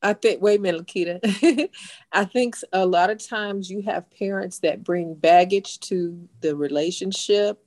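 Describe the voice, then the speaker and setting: A woman speaking calmly in a group discussion and passing the turn to others. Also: medium pitch, measured pace. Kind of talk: casual discussion.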